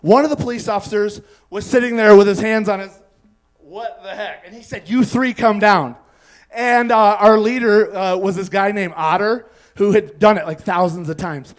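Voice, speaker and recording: A man's voice: high-pitched, steady tone, fairly quick. A man doing stand-up comedy, telling a rambling story on a club stage and laughing at his own lines.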